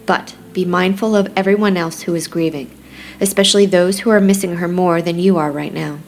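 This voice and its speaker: A woman reading the lines of a middle-aged mother who scolds her grown son gently but firmly, in an audiobook. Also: on the low side, steady tone, fairly quick, soft background music, close to an everyday voice. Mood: chiding. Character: loving, chiding Southern-town mother, middle-aged woman.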